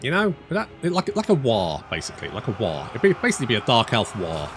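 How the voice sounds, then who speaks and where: Over music, a man with a mid-range voice talks fast, his pitch swooping wildly. He is a let's player casually commenting on a strategy game, thinking aloud, restarting phrases, cursing freely and making dry self-deprecating jokes.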